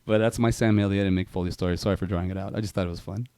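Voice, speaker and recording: A man co-hosting a movie podcast, chatting casually and telling animated stories. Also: sits low, racing, smooth, dry recording. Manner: animated storyteller, loud impressions in anecdotes. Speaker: podcast co-host. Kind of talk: casual chat.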